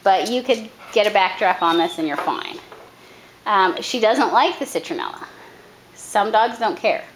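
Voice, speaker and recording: A woman dog trainer giving a hands-on coaching demonstration outdoors, calm when she explains and brisk when she gives instructions. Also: mid-range voice, low-quality recording. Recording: camera audio with loud background noise.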